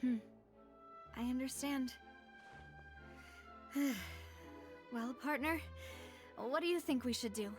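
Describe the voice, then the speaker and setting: A woman's voice: high voice, takes it slowly, long pauses. A woman voicing a confident, upbeat young woman leading an investigation in a video game. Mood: determined. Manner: determined, cheerful. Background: game music.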